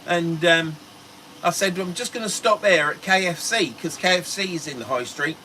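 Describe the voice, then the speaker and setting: A middle-aged man with a Norfolk English accent tells a long story in a chatty, rambling way, laughing as he goes. His voice sits a little high for a man and sounds bright and forceful. A faint hum of background noise runs under him. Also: moderate pace, poor audio. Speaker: fishing channel host. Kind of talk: casual storytelling on a livestream.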